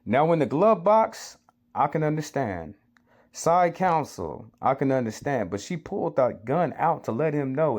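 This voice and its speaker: A man's voice: a little high, very animated, measured pace, darkish tone. A man from the United States giving urgent, preachy commentary on a video clip, repeating his points to his listeners. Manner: urgent, lecturing, repeats himself.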